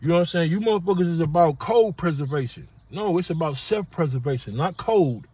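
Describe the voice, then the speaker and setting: Man, high pitch, husky, blunt profane podcast rant. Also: lively intonation, fairly quick, mellow, no echo, highs cut off. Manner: blunt, profane street talk. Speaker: podcast host. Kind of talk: casual monologue.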